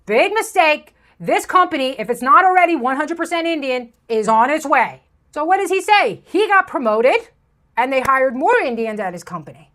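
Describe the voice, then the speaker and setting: A woman with a high, fairly bright voice hosts a commentary video, ranting over clips in an abrasive, insulting, sarcastic tone. She records in a room with a plain wall behind her.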